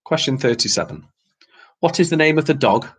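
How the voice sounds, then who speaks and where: Here a man with a medium-pitched, slightly rough voice hosts a quiz night online, speaking fairly quickly with big swings in pitch. He reads out the questions and answers casually and chattily, laughs a lot, and swears mildly now and then.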